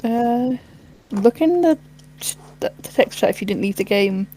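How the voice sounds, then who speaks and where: A woman chatting casually with a friend while they play a game together, relaxed and helpful. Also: on the high side, normal speed, a little hiss or hum. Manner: relaxed, helpful, matter-of-fact. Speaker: co-player. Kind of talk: casual gameplay chat.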